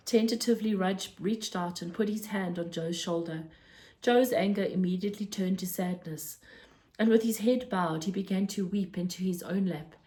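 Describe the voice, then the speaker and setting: A woman's voice: mid-range voice, normal speed, warm tone. Woman reading a storybook aloud. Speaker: narrator.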